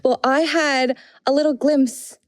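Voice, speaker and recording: A woman's voice: sits high, steady tone, measured pace, dry recording. A woman co-hosting a podcast, telling stories in a chatty, casual way and laughing often. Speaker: podcast co-host. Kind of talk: casual chat.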